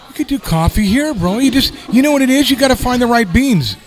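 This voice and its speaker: A man hosting a casual chat, laid-back and quick to chime in with "yeah" and "bro". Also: very high-pitched, lively intonation. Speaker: host.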